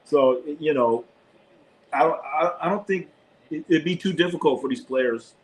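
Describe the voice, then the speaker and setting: Excitable man calling a game live. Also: a little high, normal speed, rough recording. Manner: excitable, shouts at players, casual swearing. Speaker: sports streamer and live commentator. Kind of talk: live play-by-play commentary and casual sports chat.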